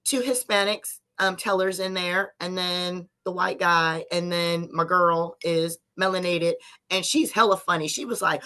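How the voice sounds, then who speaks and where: A woman's voice: on the low side, a little slow, hardly any pauses. A woman co-hosting a casual podcast chat, telling stories and acting out what people said. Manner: animated storyteller acting out quotes. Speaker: podcast co-host.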